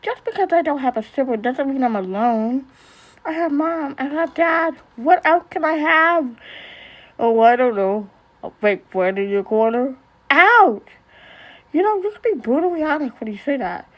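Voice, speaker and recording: A woman voicing a sharp-tongued, moody young girl who talks back in a defiant, earnest way. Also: high-pitched, lively intonation, moderate pace, rough recording. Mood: indignant.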